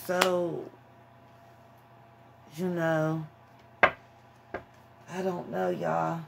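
A woman's voice: lowish voice, level tone, very slow, gravelly, very noisy. A woman giving a casual tarot reading to her viewers, frank and emphatic, calling them honey and child. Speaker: tarot reader.

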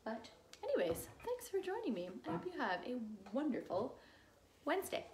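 A woman teacher with a high-pitched voice reads a picture book aloud at children's story time, going slowly and expressively and adding gentle asides.

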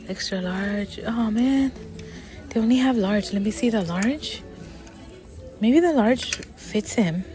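A middle-aged woman vlogger with a mid-range voice films a casual shopping vlog inside a large department store. She chats along, often dropping to a whisper and gasping with excitement.

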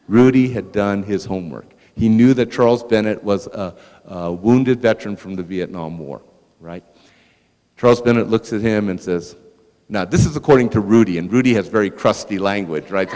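A man giving a public lecture at a museum, telling a story in a lively anecdotal way and turning to the audience with asides. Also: on the low side, normal speed. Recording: long reverb in a large hall.

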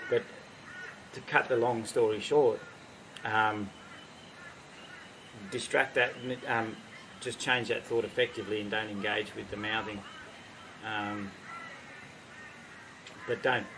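A man's voice: lowish voice, vocal fry, noisy background. A man with an Australian accent, a horse trainer explaining in a rambling, casual way with fillers and restarts, now and then acting out what a horse would say. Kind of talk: casual spoken teaching.

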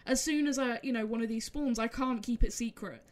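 Emotional rambling woman gamer. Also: a little high. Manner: rambling, halting, repeats herself. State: emotional, close to tears. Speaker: gaming content creator. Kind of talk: emotional video outro.

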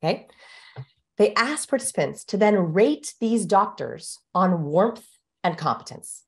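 A woman guest expert explaining things in a brisk, emphatic way during an interview. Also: medium pitch, lively intonation, darkish tone.

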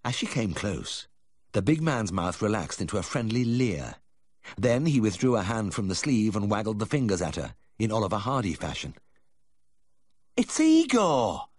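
Expressive low-voiced male audiobook narrator. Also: dry recording, studio quality. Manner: measured, expressive storytelling. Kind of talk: scripted first-person narration.

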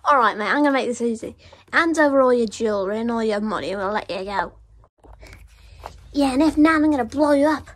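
A woman's voice: fairly high pitch, animated, a little fast. A woman doing amateur comedic voice acting, rowdy and bossy and cursing casually.

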